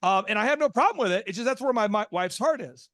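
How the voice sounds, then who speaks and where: An American man hosting a podcast, telling a long story with energy and leaping into high excited voices when he acts out his reactions. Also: fast, no room sound, studio quality. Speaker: podcast host. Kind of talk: animated storytelling in a business podcast.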